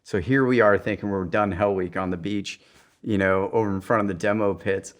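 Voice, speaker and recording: A lively man with a lowish voice, telling training stories on a podcast. He jumps into loud acted-out quotes and swears often, laughing as he goes. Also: brisk. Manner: animated storyteller who acts out quotes in raised voices. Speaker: podcast guest, special ops veteran. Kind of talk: casual storytelling.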